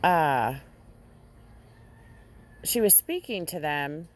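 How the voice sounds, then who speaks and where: A woman vlogger casually recounting a dream to her audience, halting often and restarting her sentences. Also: low-pitched, lively intonation. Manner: halting, with frequent restarts and fillers. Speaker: Christian vlogger.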